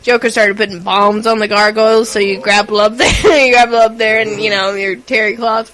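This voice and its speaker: A woman co-hosting a gaming podcast in casual chat, telling animated stories and giggling often. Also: mid-range voice, fairly quick, low-quality recording. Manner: giggly, animated storyteller who acts out quotes. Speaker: podcast co-host.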